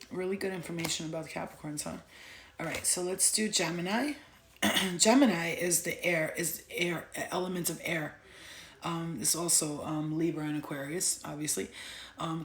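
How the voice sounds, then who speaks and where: A young woman giving a casual astrology talk, blunt and profane, telling lively stories. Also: low-pitched, reverberant, slight background noise. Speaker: astrology vlogger.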